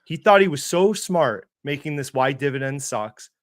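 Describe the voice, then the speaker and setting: A man's voice: a little high, lively intonation, moderate pace, no echo, clean studio sound. A man co-hosting an investing livestream, ranting with sarcasm, swearing and mocking impressions. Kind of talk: heated casual chat.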